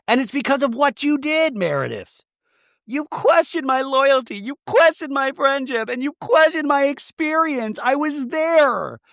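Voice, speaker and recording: A man doing an impression of an upset woman reality star, with a high, drawn-out, insistent delivery. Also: expressive, vocal fry, fairly bright tone, dry recording, exaggerated voice. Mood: indignant.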